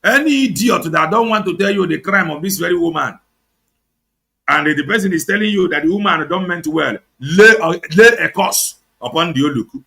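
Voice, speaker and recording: A Nigerian man with an Igbo accent delivers heated political commentary on his online show. He switches between English and Igbo with biting sarcasm. His voice is gravelly, bright and a little high. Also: lively intonation, fairly quick. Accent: Nigerian, Igbo-speaking.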